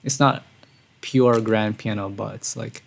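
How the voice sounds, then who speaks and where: A man streaming a music reaction, talking casually and excitedly, breathless and calling his viewers "bro". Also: on the low side, measured pace, creaky. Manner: excitable, says "bro" often, gushing. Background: song playing quietly.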